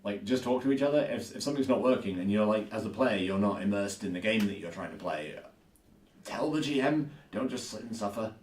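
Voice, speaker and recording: A man's voice: on the low side, lively intonation, brisk, a little mellow. A man co-hosting a podcast, chatting casually and thinking aloud, often repeating himself. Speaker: podcast co-host. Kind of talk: casual chat. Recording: echoey room, distant mic.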